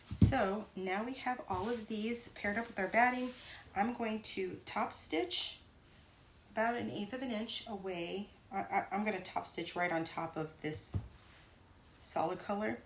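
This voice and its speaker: A woman's voice: medium pitch, a little hiss or hum, rough recording. A woman giving a patient, step-by-step sewing tutorial as a voice-over, with small asides as she works. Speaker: quilting instructor.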